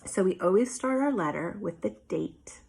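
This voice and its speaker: A woman teacher, probably in her thirties, giving a remote lesson to young children, patiently and clearly sounding out letter sounds. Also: mid-range voice, lively intonation, moderate pace, a little mellow. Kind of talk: remote phonics and writing lesson.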